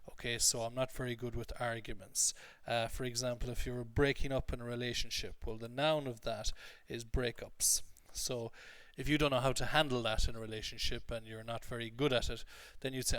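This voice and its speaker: A man's voice: mid-range voice, a bit bright, smooth, no echo. A man teaching English, explaining usage step by step and often checking in with "okay?". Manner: explanatory, repeats points, frequent "okay?" checks. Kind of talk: recorded lesson recap.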